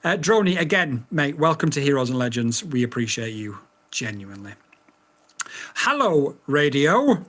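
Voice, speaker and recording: A man's voice: medium pitch, sing-song, moderate pace, a bit bright. A man reviewing a drone radio in a casual vlog, getting exasperated and swearing as he repeats voice commands.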